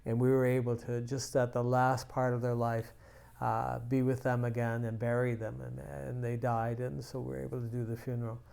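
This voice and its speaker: Guy preaching, gravelly voice, chatty storytelling sermon with lots of restarts. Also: mid-range voice, monotone, normal speed, darkish tone. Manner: conversational, with frequent restarts and acted quotes. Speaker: pastor and teacher.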